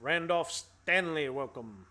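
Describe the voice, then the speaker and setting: This is a man with a fairly high voice who hosts a casual trading livestream. He keeps an upbeat, playful tone and drops slangy banter and rhymes as he greets viewers by name. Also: animated, takes it slowly, sharp tone. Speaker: host.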